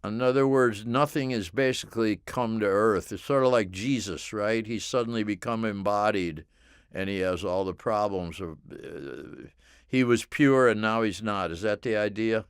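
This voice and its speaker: Man, voice-over session, low pitch, clear resonant tone, conversational, questioning. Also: normal speed, no echo, studio quality. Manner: questioning, conversational, self-aware. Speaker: voice-over narrator. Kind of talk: voice-over recording session, talking with director.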